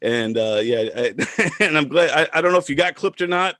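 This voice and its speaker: A man hosting a relaxed interview, asking loose questions full of fillers and warm laughter. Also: fairly high pitch, brisk, no room sound, studio quality. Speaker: podcast host. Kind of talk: casual interview chat.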